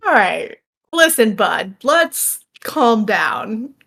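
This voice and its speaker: A woman playing in a tabletop game, talking for her character in a soft, wry, hesitant way. Her voice sits a little high and she takes her time over the words. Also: big pitch swings, drawn-out words, gravelly. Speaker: player.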